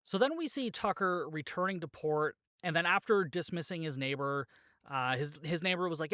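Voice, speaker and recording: A podcast host speaks with a fairly high, expressive voice that is pushed, bright, clear and resonant, at normal speed, in a clean studio with no room sound. He rambles through a film's plot with plenty of fillers and frequent "like," laughing at the jokes he tosses in.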